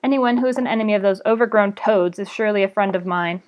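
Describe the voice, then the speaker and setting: A woman reading aloud, voicing a burly male ditch digger who talks in a plain, measured way. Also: medium pitch, dull audio, lightly acted. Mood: friendly. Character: burly middle-aged male ditch digger, gruff and steady.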